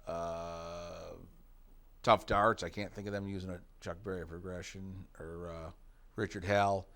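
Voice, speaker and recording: A middle-aged American rock guitarist reminisces in a casual interview, rambling with plenty of fillers and asides. His voice sits low with a level tone and a fairly bright quality, and he speaks a little slowly.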